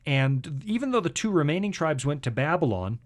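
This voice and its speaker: A man's voice: a little high, fairly quick. A man hosting a casual Bible talk show, joking around and then lecturing firmly on history and scripture. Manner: jokey, lively storyteller who lectures with conviction. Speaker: host.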